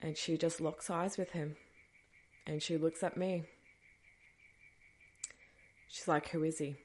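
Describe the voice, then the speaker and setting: Chatty woman telling a story, slightly low voice. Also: level tone, slow pace, darkish tone. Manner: chatty, breaks into frequent nervous laughs; dismissive asides, trailing off. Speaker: podcast host. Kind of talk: casual personal storytelling.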